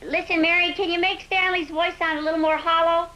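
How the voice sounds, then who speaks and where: An actress in a 1960s sitcom playing a brisk, scheming Navy lieutenant who gives the orders. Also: female voice, extremely high pitch, little pitch movement, bright, forceful tone, muffled recording. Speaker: lieutenant leading the Waves. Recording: noisy old TV soundtrack with laugh track.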